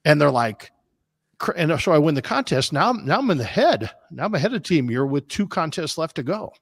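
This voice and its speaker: A man's voice: fairly high pitch, brisk, no room sound. Man telling rambling competition stories. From Des Moines, Iowa, US. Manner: rambling, animated anecdotes with restarts. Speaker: barbecue competition cook, guest. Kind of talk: casual storytelling on a podcast.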